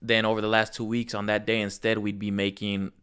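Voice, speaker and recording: Male co-host, low voice, smooth tone, laid-back and swears a lot. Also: completely flat delivery, fairly quick, a bit bright. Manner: blunt and profane, laid-back. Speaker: podcast co-host; grocery store worker. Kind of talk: casual chat.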